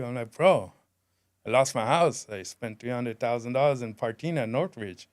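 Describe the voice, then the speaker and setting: Smooth-voiced man telling a raw story. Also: moderate pace, no room sound, studio quality. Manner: candid, street-style talk, drops low when heavy. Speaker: podcast guest. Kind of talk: emotional storytelling.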